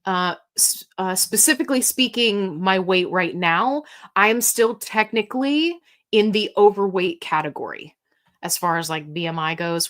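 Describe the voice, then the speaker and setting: A woman's voice: on the low side, a bit bright. A woman hosting a casual live Q&A stream. She chats candidly, reads viewer comments aloud and reacts to them. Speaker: livestream host answering viewer questions.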